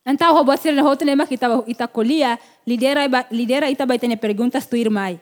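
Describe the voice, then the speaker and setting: A woman's voice: high-pitched, very fast. A woman interpreting a sermon phrase by phrase, mixing in Portuguese words as she goes.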